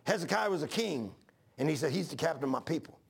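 A man's voice: fairly high pitch, lively intonation, quick pace, vocal fry, husky. A man in his sixties preaching a folksy, repetitive sermon to his church. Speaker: pastor.

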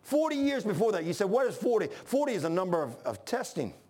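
A man from Washington, D.C., preaching a sermon in a fervent, folksy way, often shouting and calling listeners "man". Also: sits high, very animated, fast. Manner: folksy, says "man" a lot.

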